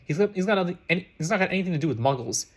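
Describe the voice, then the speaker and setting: Earnest, fiery schoolboy, read by a man; insistent, fast, a bit high. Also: expressive. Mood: outraged. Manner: outraged, insistent. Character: earnest, hot-tempered eleven-year-old boy.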